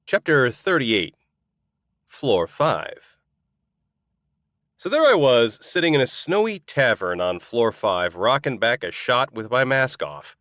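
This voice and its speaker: Wry, lively male audiobook narrator. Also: medium pitch, takes it slowly, no room sound, studio quality. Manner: wry, comic storytelling. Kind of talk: first-person novel narration.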